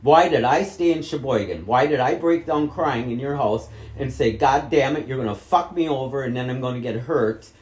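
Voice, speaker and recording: A vlogger from Wisconsin, middle-aged, confronts his mother in a heated argument, angrily repeating questions amid heavy swearing. His slightly mellow, mid-range voice moves at a moderate pace with few pauses, and the room is echoey.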